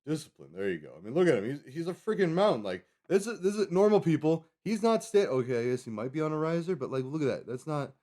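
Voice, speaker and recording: A man's voice: on the high side, sing-song, quick pace, few pauses, mellow. A man in his thirties chatting casually on a live stream, rambling from topic to topic and correcting himself as he goes. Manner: chatty, digressive, self-correcting.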